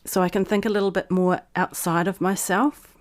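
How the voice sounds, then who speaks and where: A woman's voice: lowish voice, fairly even intonation, normal speed. A woman vlog host who reads her old blog post aloud in a frank, persuasive way, then reflects on it.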